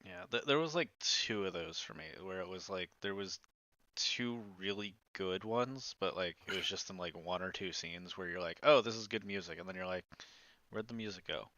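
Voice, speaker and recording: A man on a casual podcast chat, talking in an animated way and acting out his own reactions. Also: deep voice, normal speed, no echo, dull audio.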